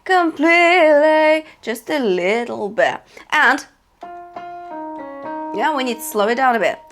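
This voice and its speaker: A woman's voice: fairly high pitch, expressive, unhurried, a bit bright, soft background music. A woman vocal coach teaching a singing lesson, encouraging and breaking in with short sung demonstrations. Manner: encouraging, demonstrates sung phrases between explanations.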